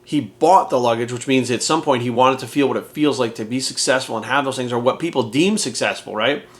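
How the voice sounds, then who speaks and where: A man's voice: mid-range voice, brisk. A man in his forties, a fitness coach, talking bluntly and emphatically in a candid motivational monologue full of swearing. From United States. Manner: blunt, heavily profane, emphatic.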